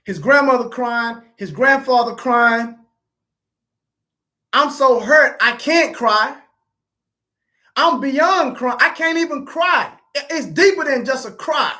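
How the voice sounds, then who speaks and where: A woman telling a live-stream audience how she grieved for her son. She speaks haltingly, repeats herself and addresses listeners as family. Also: high voice, animated, bright, forceful tone. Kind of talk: emotional live-stream testimony.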